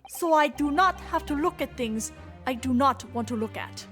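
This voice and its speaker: A woman's voice: high-pitched, expressive, normal speed, a bit bright, faint music behind. A woman voicing a cold, secretive middle-aged man in a video game, with a curt, chilly manner. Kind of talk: reading game dialogue aloud.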